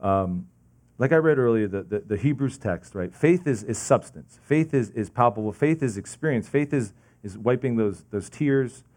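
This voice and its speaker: A young male pastor shares a story from the pulpit in a relaxed, conversational way. He restarts his sentences often and fills pauses with "like" and "you know." His voice sits at a plain middle pitch for a man. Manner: casual storytelling with many fillers and restarts. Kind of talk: sermon.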